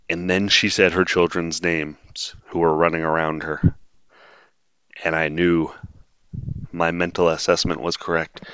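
A very deep-voiced man hosts a solo podcast, drifting from point to point with dry sarcasm and plenty of ums. The sound is dull and lo-fi, with a dead, dry room around him. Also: a bit bright, no echo. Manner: rambling, wry and sarcastic, frequent filler words. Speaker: podcast host. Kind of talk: casual solo monologue.

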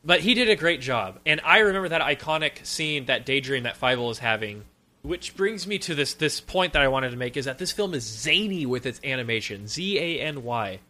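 A man co-hosting a podcast, giving a casual, sarcastic and animated review of a film. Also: medium pitch. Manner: animated, sarcastic, quick with jokes.

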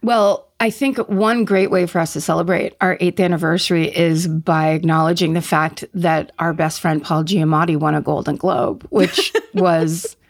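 A woman with a Californian accent, co-hosting a podcast in casual, rambling chat, with some vocal fry. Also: lowish voice, steady tone, normal speed, hardly any pauses. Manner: chatty, rambling, reads listener notes aloud. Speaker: podcast co-host.

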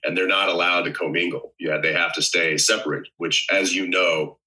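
A man with a very deep voice that still rings bright and forward, chatting casually as an actor on a podcast. He meanders through his points with a dry, wry humor. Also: fairly even intonation, moderate pace, rough recording.

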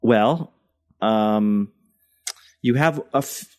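A man's voice: on the low side, drawn-out words, darkish tone. A man co-hosting a podcast in casual chat, hesitant and full of ums as he thinks aloud. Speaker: podcast co-host.

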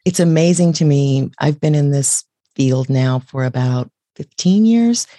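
Low, mellow female podcast host with careful, considered questions, dry close sound. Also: measured pace, dry recording. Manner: thoughtful, asks long careful questions. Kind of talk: interview questions.

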